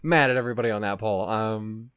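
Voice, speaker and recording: A man's voice: on the low side, fast, a bit bright, clean tone, no room sound, clean studio sound. A young man casually rambling and swearing while reacting to an anime at his desk at home. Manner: rambling, profane, laughs often.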